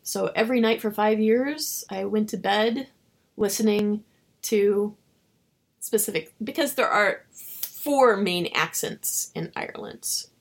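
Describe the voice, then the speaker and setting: A woman novelist being interviewed, telling stories in an animated way and acting out her own dialogue. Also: mid-range voice, takes it slowly. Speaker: novelist guest. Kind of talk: casual interview storytelling.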